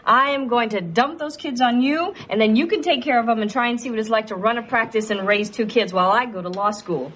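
Venting young woman, high voice. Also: brisk, hardly any pauses, fairly bright tone. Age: young adult. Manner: frustrated venting. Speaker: young mother in a sitcom.

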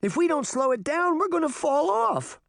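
A man voicing an excitable little girl, eager and chattery, in an audiobook. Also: on the high side, normal speed, dry recording, studio quality, voice pushed up, lightly acted. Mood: alarmed.

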